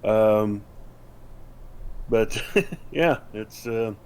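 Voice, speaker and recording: A man's voice: lowish voice, very slow, a little mellow, clean tone. A man co-hosting a podcast in casual chat, rambling with many fillers and restarts. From United States. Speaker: podcast co-host.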